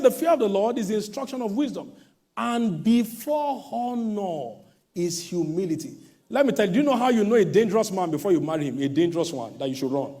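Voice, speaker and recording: A middle-aged man preaches a sermon in a high, lively voice that leaps all over its range. He breaks into sudden shouts, then drops low, and mockingly imitates the proud people he warns against. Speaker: pastor.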